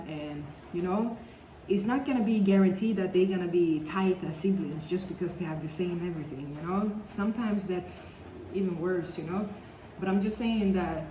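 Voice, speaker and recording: A woman's voice: lowish voice, a little mellow. A woman talking casually to camera in a rambling storytime vlog, peppering her speech with "like" and "you know.". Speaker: vlogger. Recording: roomy echo with faint background noise.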